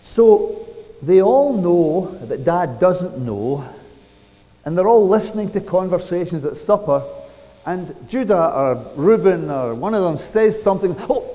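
A man's voice: high voice, animated, unhurried, warm tone, long reverb tail, rough recording. A man preaching a sermon, retelling a story dramatically and asking rhetorical questions.

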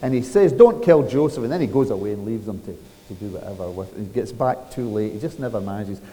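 A man's voice: lowish voice, quick pace, dark tone, big-room sound, low-quality recording. A man preaching a sermon, retelling a story dramatically and asking rhetorical questions.

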